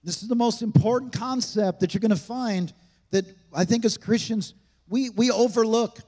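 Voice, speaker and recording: A man's voice: sits high, moderate pace, mellow, in a large hall. A male pastor preaching a sermon in a church, emphatic and conversational, with frequent rhetorical questions to the congregation. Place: church sanctuary.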